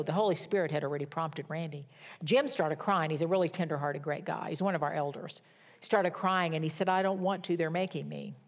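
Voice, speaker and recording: Candid middle-aged woman preaching. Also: fairly low pitch. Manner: animated storytelling, candid and self-mocking. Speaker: pastor. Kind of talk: sermon.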